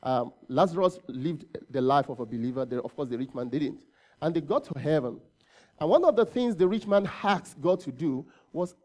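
A man's voice: fairly high pitch, lively intonation, moderate pace, darkish tone. A man preaching a sermon in a conversational way, asking rhetorical questions and often correcting himself mid-phrase. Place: church service.

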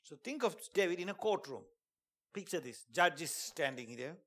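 A man preaching a sermon and telling a dramatic testimony, dropping to a hush and then rising to shouts. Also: on the high side, lively intonation, normal speed. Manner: dramatic storytelling, swings from hushed to shouting; preaching with emphatic call-outs.

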